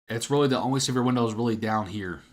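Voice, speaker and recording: A man's voice: mid-range voice, quick pace. A man giving live storm coverage on a stream, answering viewers by name. He is out of breath and straining his voice, and he talks casually and repeats himself. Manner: casual, repeats himself, reads out chat names. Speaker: weather forecaster on a livestream.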